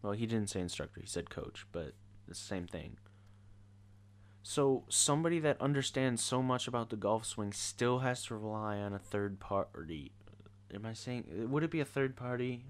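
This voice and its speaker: Teenage guy ranting, low voice. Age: teens. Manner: exasperated, ranting, sarcastic. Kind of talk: casual rant to camera.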